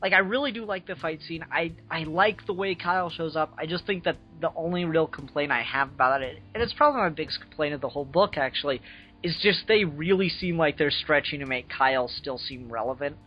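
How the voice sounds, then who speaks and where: A man's voice: a little high, a little fast, lo-fi sound, soft background music. A man in casual chat about a comic book, enthusiastic and swearing, often hedging. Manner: enthusiastic, swears, hedges with "I don't know". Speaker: co-host reviewing a comic book.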